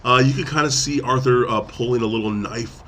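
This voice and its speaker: A man's voice: medium pitch, a little fast, fairly bright tone. A man hosting a podcast, casually recapping a movie and rambling with lots of fillers and restarts. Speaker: podcast host. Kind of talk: casual movie review chat.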